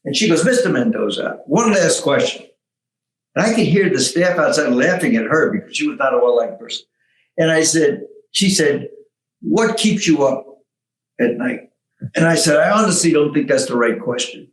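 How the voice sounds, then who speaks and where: An older man with a fairly high, lively voice spins his stories as a guest, laughing at his own punchlines and acting out each quoted line. He sounds like he is in an echoey room, with the sound ringing a little around him. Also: brisk. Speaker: guest, former tech executive. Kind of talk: storytelling interview, lively anecdotes.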